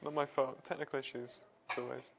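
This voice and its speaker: A man's voice: mid-range voice, level tone, fairly quick, vocal fry, background noise. A man presenting a science livestream on a wireless mic, chatting casually, self-deprecating and laughing often. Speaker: presenter and physicist.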